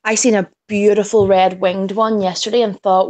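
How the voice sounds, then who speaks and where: A woman's voice: medium pitch, level tone, moderate pace, a little mellow. A woman chatting playfully and animatedly in a casual family vlog, laughing often. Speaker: vlogger.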